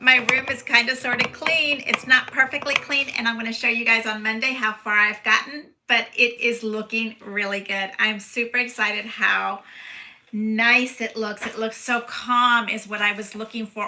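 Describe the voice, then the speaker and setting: Middle-aged woman, craft live-stream host, bubbly and chatty with her viewers; high-ish, very bright tone. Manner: bubbly, greets viewers by name. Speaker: paper crafting livestream host. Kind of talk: casual live-stream chat. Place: craft room at home.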